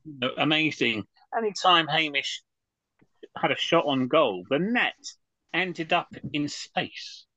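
A man's voice: on the high side, animated, takes it slowly, pushed and bright, dull audio. A man co-hosting a podcast, chiming in with enthusiastic comments. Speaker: podcast co-host. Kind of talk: casual chat.

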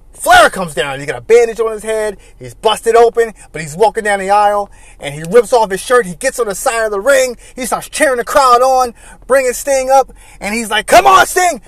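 Animated man telling wrestling stories. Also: sits high, dry recording. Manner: animated storytelling, laughing often. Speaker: host. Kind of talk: casual commentary.

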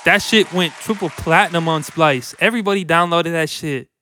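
A man's voice: fairly high pitch, fairly quick, pushed and bright, some chatter behind, slight background noise. A man co-hosting a casual podcast, joking crudely in a laid-back way with lots of fillers. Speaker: podcast co-host.

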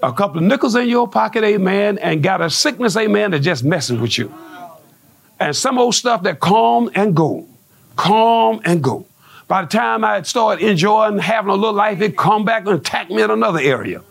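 A man preaching a sermon, dropping frequent amens and calling out to the church, sometimes rising to shouts. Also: sits high, expressive, normal speed, creaky. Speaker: pastor.

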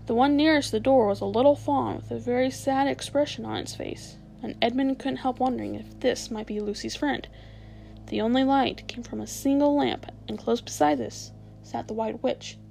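A woman reading a children's novel aloud in a measured, expressive way. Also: fairly high pitch, vocal fry, slight background noise, rough recording. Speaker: storyteller.

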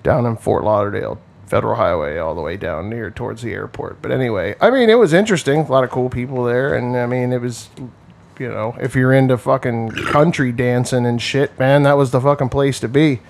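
A man's voice: mid-range voice, a little fast, vocal fry, a little hiss or hum. A man in his forties, rambling and wisecracking with lots of swearing in casual chat.

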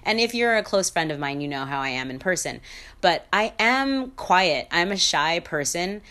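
A woman's voice: lowish voice, expressive, normal speed, bright, forceful tone. A woman hosting her own podcast, talking through her opinions in a candid monologue with frequent fillers, restarts and small laughs. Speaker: podcast host.

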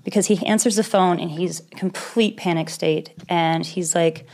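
A woman's voice: lowish voice, steady tone, moderate pace, a little mellow. Young woman candidly telling a story. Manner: candid, rambling, with nervous laughs and swearing. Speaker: guest telling a personal story. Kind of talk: casual conversation.

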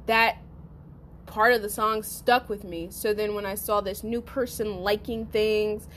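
A woman hosting a podcast, telling a personal story in a casual, profane, animated way and talking straight to her listeners. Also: mid-range voice, unhurried, a little hiss or hum. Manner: profane, animated, acts out quotes; addresses listeners as y'all. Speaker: podcast host.

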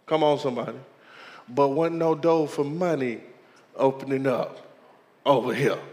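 A man's voice: a little high, big-room sound. A man, preaching a sermon as a pastor and calling out to the congregation as he tells his story.

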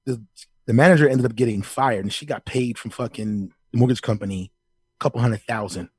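A middle-aged man co-hosting a casual podcast, telling profane stories in an animated way. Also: mid-range voice, a little fast, slightly rough, dry recording. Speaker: podcast co-host. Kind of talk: casual chat.

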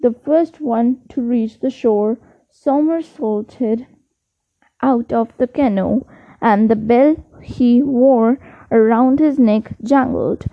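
A woman reads a children's storybook aloud at a slow, careful pace. Her voice sits fairly high and the recording is dry and dull, like a lo-fi home setup. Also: no room sound. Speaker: audiobook reader. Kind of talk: storybook narration.

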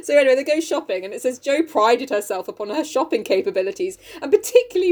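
A woman's voice: sits high, very animated, fast talker, few pauses, a little mellow. A woman co-hosting a podcast, retelling a book in casual, sweary, giggly chat. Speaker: podcast co-host recapping a book.

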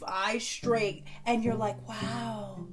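Animated woman telling a travel story. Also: mid-range voice, fairly quick, crowd noise. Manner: animated storyteller, acts out quotes. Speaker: podcast co-host. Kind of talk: casual chat.

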